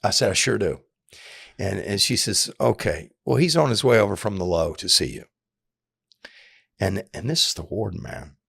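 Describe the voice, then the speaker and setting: A man's voice: lowish voice, normal speed, creaky, long pauses, slightly rough, no echo, studio quality. A middle-aged man telling a story in casual talk, acting out the people in it with many repeats and restarts. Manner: animated, acts out quoted voices, repeats and restarts often. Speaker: podcast guest telling his prison story.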